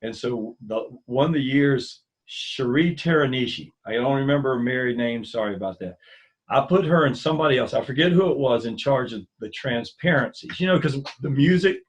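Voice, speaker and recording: A man's voice: medium pitch, fairly quick, rough recording. A middle-aged man from the US mainland, a former school ministry coordinator, telling stories in a casual interview over a video call and acting out the voices of the people he quotes. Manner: animated storyteller who acts out quoted dialogue with a lifted voice.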